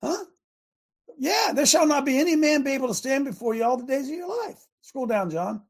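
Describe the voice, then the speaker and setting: A man's voice: very high-pitched, animated, fairly quick. A man hosting a Christian talk show, preaching fervently and with sarcasm. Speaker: radio show host.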